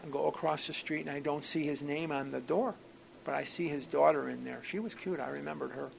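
A man with a gravelly, slightly high voice tells a personal story to a recovery group. He is animated and wry, jumping from loud outbursts to hushed asides. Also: a little fast, a little hiss or hum, low-quality recording. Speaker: speaker sharing at a recovery program gathering.

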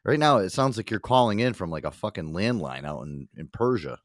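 Brief: male host, casual and profane, very expressive delivery, dry close mic. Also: low voice, a little fast, dry recording. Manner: animated, swears a lot, laughs often. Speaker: podcast host.

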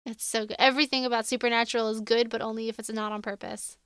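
A woman speaks in a smooth, resonant voice that sits a little high. She gushes emphatically as a fan in casual podcast chat. The mic is close and the sound is dry. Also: flat delivery, fast, fairly bright tone, no room sound. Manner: gushing, emphatic fan enthusiasm. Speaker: podcast co-host. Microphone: own microphone.

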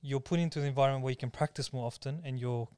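A man's voice: medium pitch, rapid-fire, dark tone, clean tone, no room sound, clean studio sound. A young Australian man in casual chat, thinking aloud, reflective, with many fillers.

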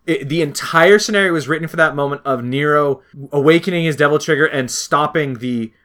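Man, slightly high voice, excitable, rambling game chat with quick acted-out quotes. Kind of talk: casual chat about a video game.

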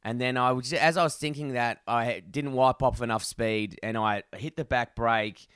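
Casting: Australian bloke, bright, clear voice, animated and foul-mouthed, dry close recording. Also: male voice, mid-range voice, moderate pace, no room sound. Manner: animated, swears a lot, acts out his own inner voice. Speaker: podcast co-host. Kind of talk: casual storytelling chat.

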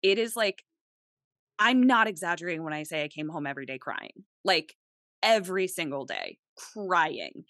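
Brief: bright-voiced young American woman, casual podcast co-host, lively and profane. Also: fairly low pitch, moderate pace, no room sound, studio quality. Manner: animated, swearing, chatty. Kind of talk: casual chat.

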